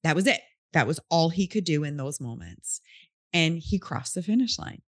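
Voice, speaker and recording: Low-voiced woman telling a heartfelt story. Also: lively intonation, moderate pace, dry recording, studio quality. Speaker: podcast host. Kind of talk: casual storytelling chat.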